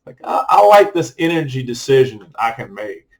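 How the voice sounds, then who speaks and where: A man's voice: medium pitch, big pitch swings, moderate pace, vocal fry, poor audio. A middle-aged man talking casually to camera in a rambling personal vlog, loose and full of fillers and restarts. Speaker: vlogger.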